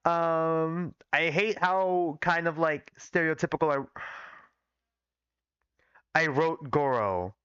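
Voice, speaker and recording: Young guy reading his old fanfic on stream, bright lively voice, dull dry mic. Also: on the high side, takes it slowly, pauses often, clear, resonant tone, no echo. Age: young adult. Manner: self-critical, rambling with fillers. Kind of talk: casual livestream reading.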